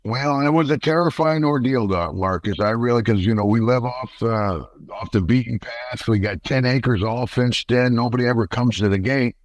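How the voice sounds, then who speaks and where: An older American man, a retired wrestler, telling a story in a folksy, animated way and acting out the quotes. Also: mid-range voice, moderate pace, hardly any pauses, dry recording, poor audio. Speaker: podcast guest, retired wrestler. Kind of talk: casual storytelling interview.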